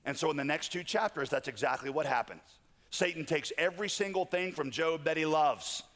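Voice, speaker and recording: A man preaches with a fairly high voice, mixing storytelling and joking asides. His words ring out in a large hall, the long reverb trailing every phrase. The delivery is conversational and animated. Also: a little fast. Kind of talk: sermon.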